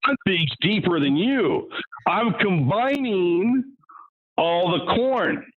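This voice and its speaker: A man as interview guest, telling stories in an animated way and acting out what people said. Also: high-pitched, takes it slowly. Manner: animated, acts out quotes, frequent restarts. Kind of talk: casual storytelling interview. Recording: muffled lo-fi audio.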